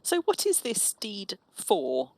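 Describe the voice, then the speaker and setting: A woman's voice: high-pitched, very animated, slow, gravelly. A woman chatting casually and teasingly while streaming an online game. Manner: chatty, teasing, restarts phrases. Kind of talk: casual gaming chat.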